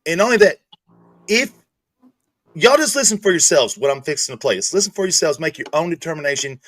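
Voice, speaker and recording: A man's voice: a little high, lively intonation, brisk, fairly bright tone, no echo. A man, hosting a livestream and ranting angrily with lots of cursing and restarts. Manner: angry, profane, repetitive restarts. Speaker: streamer host. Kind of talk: heated livestream rant.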